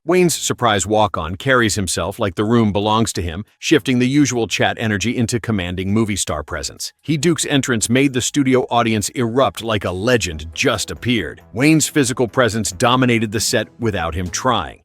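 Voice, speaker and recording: A man reading scripted narration for a countdown video in an even, measured way. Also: lowish voice.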